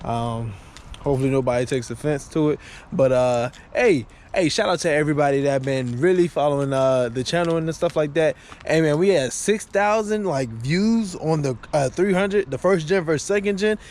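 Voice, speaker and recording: A man's voice: fairly high pitch, moderate pace, darkish tone. A man chatting casually to his viewers, laid-back and slangy, rambling with fillers, recorded outdoors by his car and then inside it. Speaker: car vlogger. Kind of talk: casual vlog chat. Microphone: handheld camera. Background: car engine and street noise.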